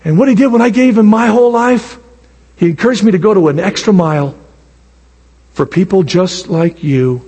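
Husky high-voiced man preaching in a hall. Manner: animated, drawn-out emphatic preaching with acted asides. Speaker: pastor. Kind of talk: sermon. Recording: long hall reverb.

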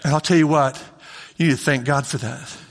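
A man preaching a sermon, acting out God's voice and swinging between shouts and hushed pleading. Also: fairly high pitch, steady tone, a little fast, vocal fry, big-room sound. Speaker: pastor.

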